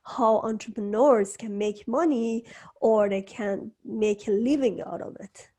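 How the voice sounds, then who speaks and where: A woman hosting an interview from her home studio, speaking English as a second language, slow and halting, with frequent restarts. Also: mid-range voice, mellow. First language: not English. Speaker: host. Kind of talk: casual interview chat.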